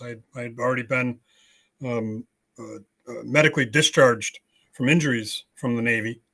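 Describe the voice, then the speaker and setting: An older American man with a mid-range, sharp-toned voice is a podcast guest on a video call. He tells his story bluntly in a storytelling interview, using frequent fillers.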